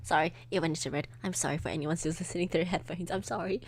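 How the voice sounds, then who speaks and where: A young woman streams a game from home with background music, giving casual, expressive commentary while coughing, something stuck in her throat leaving it scratchy. Her low voice is rapid-fire, slightly rough and a little mellow, with fairly even intonation.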